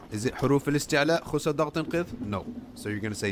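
A man teaching the rules of Quran recitation, modeling sounds slowly and repeating them, asking and answering his own questions. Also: mid-range voice, a bit bright, slight background noise. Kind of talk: tajweed lesson, explaining and modeling recitation.

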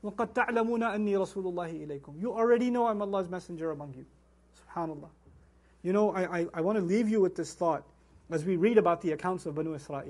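A man giving an animated religious lecture on scripture, asking rhetorical questions and quoting Arabic verses as he teaches. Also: sits high. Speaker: Quran teacher.

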